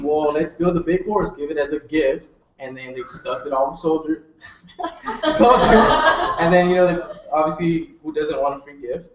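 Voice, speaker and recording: A man's voice: a little high, far from the mic, very noisy. Laughing man telling a story to a crowd. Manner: laughs easily, loose storytelling. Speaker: co-presenter. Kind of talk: casual explanation to a live audience. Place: meeting room with a live audience. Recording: echoey room, dull sound.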